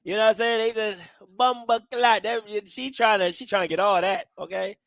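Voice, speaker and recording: A man's voice: high-pitched, a little fast, gravelly, a bit bright, no room sound, studio quality. A man hosting a live reaction stream, talking in a blunt, slangy, joking way with lots of energy. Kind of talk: casual live reaction commentary.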